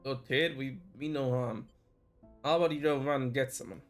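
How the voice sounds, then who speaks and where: A man reads out a smooth, diplomatic traveler who keeps everyone calm. He talks in a soothing, persuasive way, in close to the reader's own voice. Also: medium pitch, moderate pace, faint music behind, lightly acted.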